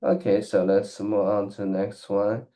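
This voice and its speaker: Halting, low-voiced man practicing English. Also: monotone, dark tone. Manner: halting, hesitant, with many restarts and fillers. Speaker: English learner. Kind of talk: casual practice conversation.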